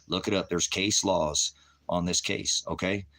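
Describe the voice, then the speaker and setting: On a livestream, a male online preacher rants at his chat in a low, steady, slightly slow voice. He is profane and combative, berating commenters, repeating himself, and swinging between shouting and muttering.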